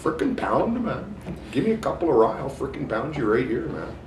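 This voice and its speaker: A rowdy backwoods brawler with a thick northern Alberta accent, hollering rough and high, as a man puts him on. The sound is loud and lively, echoing around a noisy convention hall. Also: a little fast, far from the mic. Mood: belligerent. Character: rowdy backwoods tough guy, belligerent.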